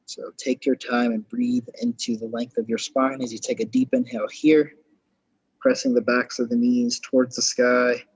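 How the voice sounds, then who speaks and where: A man guiding a yoga class through postures and breathing, with calm, slow spoken cues and spiritual phrasing. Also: medium pitch, husky, no echo, highs cut off. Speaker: yoga instructor. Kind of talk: guided yoga class instruction.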